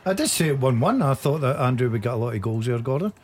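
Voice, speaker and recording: A man's voice: medium pitch, animated, fast talker, a little hiss or hum. A man giving chatty, teasing football commentary in a radio studio. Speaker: football pundit.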